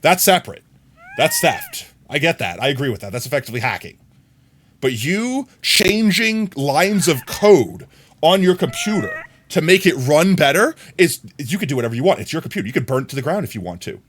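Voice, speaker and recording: A man streaming a game live, ranting and chatting with his viewers in a jokey, animated way. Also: fairly high pitch, a little fast, a little hiss or hum. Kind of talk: live gameplay commentary.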